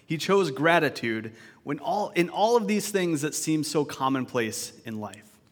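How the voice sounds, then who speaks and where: A man's voice: a little high, sing-song, measured pace. A man preaching a sermon as pastor, talking in a conversational, reflective way with restarts and asides. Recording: long reverb of a large church hall.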